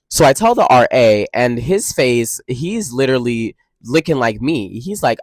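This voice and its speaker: A young man in college telling a dramatic storytime vlog, expressive and full of slang and swearing. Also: mid-range voice, moderate pace, few pauses, no room sound. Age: young adult. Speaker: college student vlogger.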